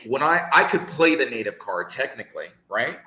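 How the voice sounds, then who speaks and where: A man's voice: mid-range voice, very animated, normal speed, bright, forceful tone, echoey room, poor audio. A man, an English teacher co-hosting a live talk, speaking emphatically with rhetorical questions. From United States. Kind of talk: live conversational discussion.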